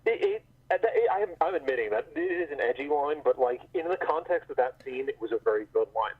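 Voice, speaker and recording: A man's voice: on the high side, animated, brisk. A man co-hosting a casual review podcast. He gives blunt, profane opinions and stumbles over how he starts his sentences. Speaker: podcast co-host. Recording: tinny phone-like audio.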